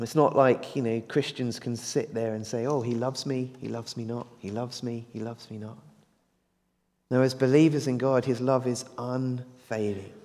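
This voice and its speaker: A man's voice: medium pitch, darkish tone. Preacher man in a reverberant hall. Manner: earnest, building to emphatic, asks the congregation questions. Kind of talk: evening sermon.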